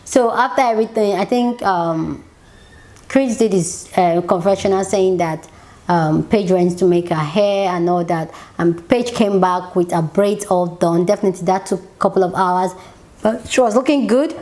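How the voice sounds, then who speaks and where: A woman's voice: fairly low pitch, normal speed, warm tone. A woman giving a casual, opinionated reaction review of a TV show, chatty and exasperated, with frequent "like" fillers.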